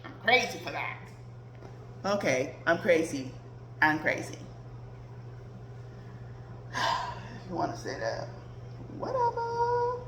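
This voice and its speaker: A woman's voice: fairly low pitch, wildly swooping pitch, takes it slowly, long pauses, noisy background. A woman hosting a podcast, ranting in a blunt, profane casual monologue. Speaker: podcast host. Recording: roomy echoey recording.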